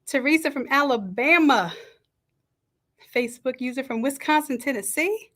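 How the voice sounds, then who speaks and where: Woman, high voice, livestream host, chatty, greets viewers warmly, home camera stand. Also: animated, normal speed. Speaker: livestream host and design coach. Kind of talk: live-stream chat greeting viewers.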